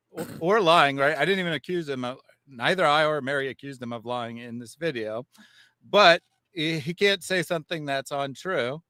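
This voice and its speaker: A man's voice: medium pitch, sharp tone, clear, resonant tone, no echo, studio quality. A man hosting a live discussion, speaking with frequent restarts and reading viewer comments aloud. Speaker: host.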